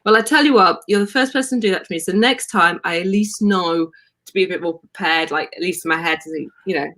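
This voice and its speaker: A woman, a wellness coach and podcast guest, chatting animatedly and telling stories over a video call. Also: on the low side. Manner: chatty, animated storytelling, quick to laugh.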